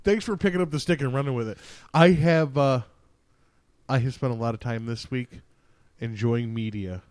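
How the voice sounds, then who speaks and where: A man's voice: medium pitch, moderate pace, darkish tone, clean tone, no echo. A man co-hosting a podcast, chatting casually and teasing his co-host. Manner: joking, teasing. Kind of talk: casual chat.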